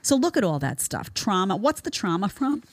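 A woman's voice: medium pitch, sing-song, normal speed, dry recording. A woman in her thirties hosting a commentary show, blunt and sarcastic in her opinions. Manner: blunt, sarcastic, mocking voices in quotes.

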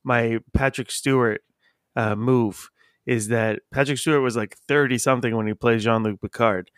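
Smooth-voiced man hosting a chat. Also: medium pitch, fairly even intonation, normal speed, dry recording, studio quality. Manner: chatty, laughs easily, playful. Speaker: podcast host. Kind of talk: casual chat.

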